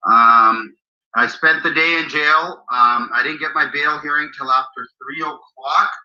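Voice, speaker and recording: Blunt, animated man with a sharp voice. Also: fairly high pitch, a little slow. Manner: animated, blunt, swears freely. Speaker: guest recounting a personal story. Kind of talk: casual storytelling. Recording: dull lo-fi audio.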